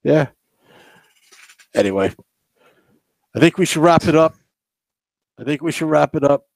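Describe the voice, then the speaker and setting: A man's voice: fairly high pitch, lively intonation, measured pace, vocal fry, no echo. A man hosting his own casual sports podcast, playful and giggling at the trolls. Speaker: podcast host. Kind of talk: casual chat, live podcast.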